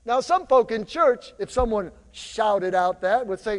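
A male pastor preaching a lively sermon in a church, drawing the congregation into call-and-response. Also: sits high, a little slow, big-room sound. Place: church sanctuary.

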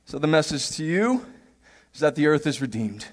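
A man preaching from the pulpit. His voice sits high and light, and he is animated, slipping into playful voices to act out little scenes and laughing along the way. A long reverb trails off the church hall around him. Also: moderate pace. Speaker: pastor. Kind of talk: sermon.

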